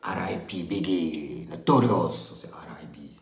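A man, excitedly repeating and explaining rap lyrics, mixing in local words. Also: a bass voice, normal speed, creaky. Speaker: reaction video host. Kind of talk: casual lyric breakdown over music. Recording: echoey room with music playing.

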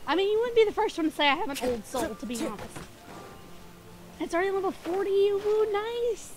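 A woman's voice: extremely high pitch, sing-song, fast. A young woman streaming a game, chatting casually with her chat and giggling often, a little sniffly with hiccups. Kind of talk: casual livestream chat while gaming. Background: game music.

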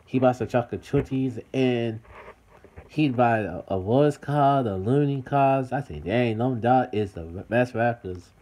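A man's voice: medium pitch, unhurried, dark tone. Repetitive man vlogging to his viewers. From United States. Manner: repetitive, addresses viewers as everybody. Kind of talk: casual vlog monologue to viewers. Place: city.

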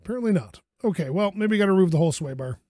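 A man talks through a game in a casual commentary voice, high and swinging widely in pitch. He mutters to himself and scolds the objects on screen, swinging between exasperation and soothing. The sound is dry and close. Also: expressive, rapid-fire, a little mellow, dry recording. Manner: mutters to himself, frustrated outbursts and self-soothing. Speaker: gaming YouTuber.

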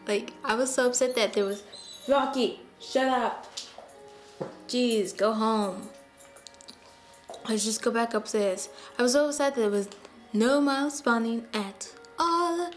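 An excitable woman hosts her own gameplay video, chatting to viewers in a fairly high voice. She talks slowly, with long stretches of low muttering between her bursts of enthusiasm. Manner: excitable and chatty, drops to mutters while playing. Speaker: gaming channel host. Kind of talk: casual gameplay commentary.

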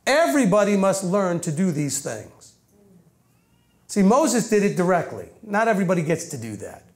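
Speaking into a microphone in a meeting room of about 150 people, a man delivers a loose, conversational sermon, often correcting himself. His high-pitched voice is sing-song, at a normal speed.

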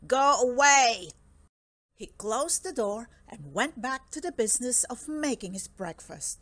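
A woman reading a children's picture book aloud in a slow, expressive storytelling manner. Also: fairly high pitch, dry recording.

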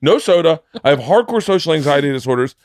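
A middle-aged man spins a story on a casual podcast, his voice jumping up in pitch when he gets excited. The sound is close and dry, with no room around it. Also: fast, no room sound. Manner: animated, swings into high excited bursts while telling stories. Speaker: podcast co-host.

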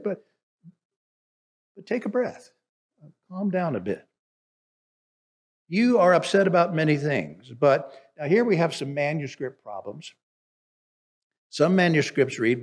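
A male pastor preaching in an easy, conversational way, explaining a passage step by step. His voice sits a bit high for a man and turns lively when he makes a point. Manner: conversational, explanatory, animated at times. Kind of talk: sermon.

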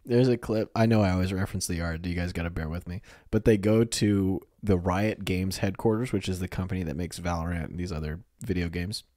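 Lower-voiced podcast dude rambling along, really dry sound. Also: male voice, fairly even intonation, a little fast, hardly any pauses, mellow, dry recording. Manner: rambling, lots of "like" fillers. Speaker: podcast co-host. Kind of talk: casual chat.

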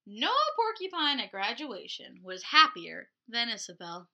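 A woman leading a children's storytime with an animated, encouraging manner. Her high voice swings widely and moves slowly. The tone is very bright. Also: vocal fry, muffled recording. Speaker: children's librarian. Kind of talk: storytime reading for kids.

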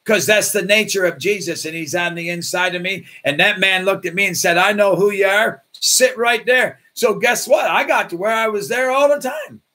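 Preaching as a pastor, a man tells stories during his sermon and animatedly performs the voices of the people in them. His voice sits high, and he keeps a moderate pace with hardly any pauses.

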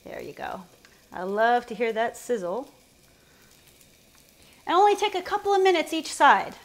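A woman's voice: on the high side, very animated, normal speed, slight background noise. A woman hosting a cooking show, chatting upbeat and directly to the viewer while she cooks at the stove. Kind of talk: cooking demonstration with chatty asides. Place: home kitchen at the stove.

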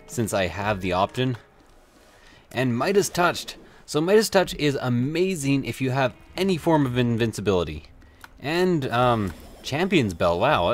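A man talking through a video game run as he plays, rambling and offhand and swearing mildly now and then. His voice sits at an everyday middle pitch. Faint game music plays underneath. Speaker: let's play host. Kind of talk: gameplay commentary.

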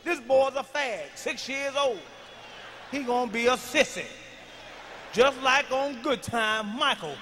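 A man doing a profane stand-up comedy routine, ranting loudly with shouted bursts, recorded on a stage in a large hall. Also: very high-pitched, lively intonation, normal speed, slight background noise.

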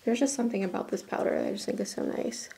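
A woman's voice: mid-range voice, steady tone, fast talker, gravelly, mellow. A young woman chatting casually through her makeup routine at home, giggly and full of "like". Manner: chatty, giggly, uses "y'all" and "like" often. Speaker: beauty vlogger. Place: home bathroom.

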